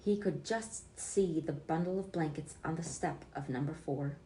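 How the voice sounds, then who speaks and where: Woman reading aloud, storybook, expressive, slightly low voice. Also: normal speed, echoey room, a little hiss or hum. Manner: expressive, with small slips and self-corrections. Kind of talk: reading a picture book aloud.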